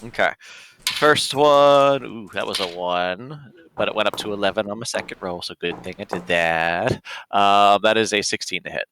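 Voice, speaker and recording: A man's voice: fairly low pitch, moderate pace, fairly bright tone, slight background noise. A man playing a tabletop game, describing his moves with hesitant, chuckling asides. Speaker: player. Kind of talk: casual tabletop play.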